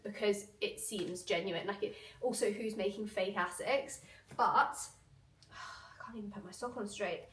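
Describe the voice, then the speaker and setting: A woman's voice: medium pitch, fairly bright tone, far from the mic. A young woman vlogging casually at home, chatty and self-mocking, with a stuffy voice from a cold. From United Kingdom. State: nasal from a cold. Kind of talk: casual vlog chat. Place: home bedroom. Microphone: handheld camera.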